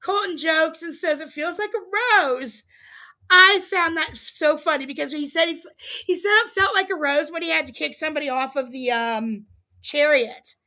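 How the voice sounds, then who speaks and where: A woman's voice: high voice, normal speed, bright, forceful tone. A woman hosting a livestream, casually recapping a reality show episode, chatty and amused with frequent ums and laughs. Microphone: streaming setup, close mic.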